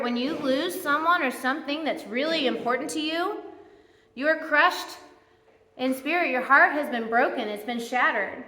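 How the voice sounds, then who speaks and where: A woman preaching to her church in an earnest, conversational way, her voice bright and a little high. The sound rings out through a reverberant church sanctuary. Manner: earnest, conversational preaching with heartfelt spoken prayers. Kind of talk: sermon. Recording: echoey church hall.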